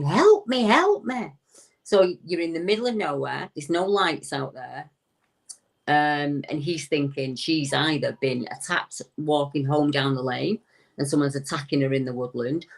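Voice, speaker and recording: A woman, a returning guest recounting a strange story in a chatty way with frequent hesitations. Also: low-pitched. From United Kingdom.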